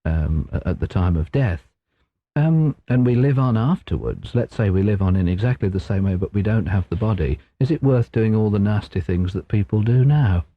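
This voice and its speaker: An English man, a clairvoyant guest, explaining his ideas in a measured way on a radio phone-in. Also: lowish voice, animated, dry recording. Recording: dull lo-fi radio broadcast.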